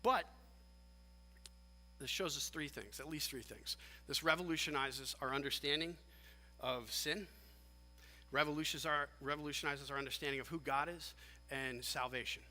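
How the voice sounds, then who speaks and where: A man preaching a sermon as pastor, animated and emphatic, often restarting his phrases. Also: a little high, moderate pace, long pauses. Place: church sanctuary. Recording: long church hall reverb.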